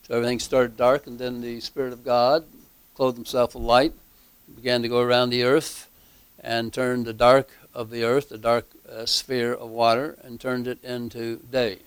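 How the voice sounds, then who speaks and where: A man teaching a Bible class, slow and halting, with many fillers and emphatic repeats. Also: mid-range voice, little pitch movement, smooth, no room sound. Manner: emphatic repetition.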